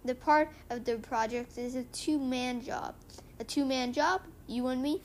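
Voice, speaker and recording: A woman reading a comic book aloud and retelling its story in a halting way, with many restarts. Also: sits high, slight background noise. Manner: halting, with frequent restarts and fillers.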